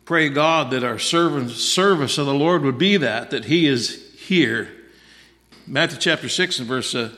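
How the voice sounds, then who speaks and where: A man's voice: a little high, pushed and bright. Man, preacher, sermon, folksy, repeats himself, frequent amens, long church reverb.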